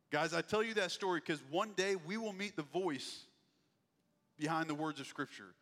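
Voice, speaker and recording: Male preacher, slightly high voice, lively sermon storytelling, acts out voices, long hall reverb. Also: moderate pace. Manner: animated storyteller acting out quoted voices. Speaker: pastor.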